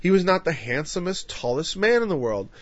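A middle-aged man preaching a laid-back Bible lesson in a slightly high voice. He slips into playful voices to act out quotes. The recording is dry and a little muffled. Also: sing-song, a little fast, dry recording. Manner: casual, acts out quotes in voices. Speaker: Bible teacher. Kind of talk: conversational sermon.

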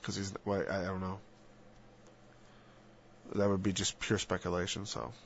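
A man talking earnestly about faith in a rambling, halting casual discussion, sometimes dropping to a soft whisper. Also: deep voice, level tone, a little hiss or hum. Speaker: Christian speaker. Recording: dull lo-fi dry recording.

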